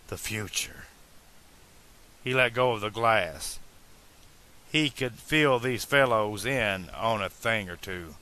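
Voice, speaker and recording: A man narrating a fan-made audiobook in a measured storytelling manner. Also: fairly low pitch, expressive, pushed and bright.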